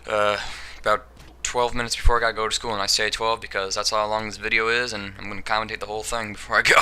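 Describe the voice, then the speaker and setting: A man's voice: lowish voice, level tone, fast talker, bright, forceful tone, smooth. A young man giving casual, rambling gameplay commentary, joking and giggling as he goes. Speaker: gaming commentator.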